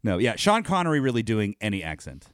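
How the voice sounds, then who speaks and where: Lively, laughing man in casual chat. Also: lowish voice, fast, no echo, studio quality. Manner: laughs often, rambling with fillers.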